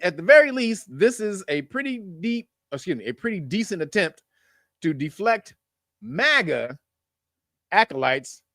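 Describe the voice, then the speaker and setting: Animated, profane man reading news. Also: a little high, dry recording, studio quality. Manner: profane, laughing, mocking asides between read headlines. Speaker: show host reading news. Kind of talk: casual news commentary.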